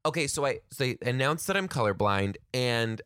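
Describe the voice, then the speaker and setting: Lively, bright-voiced man telling a story. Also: medium pitch, normal speed, smooth, no echo, studio quality. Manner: chatty, animated, swears casually. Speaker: teacher. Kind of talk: casual storytelling to viewers.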